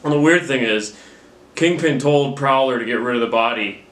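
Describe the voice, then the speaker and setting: A man's voice: medium pitch, normal speed, fairly bright tone. Rambling, profane young man in a roomy room. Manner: rambling, profane, self-mocking. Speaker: movie reviewer. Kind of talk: casual rambling movie recap. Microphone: camera mic. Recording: roomy camera-mic recording.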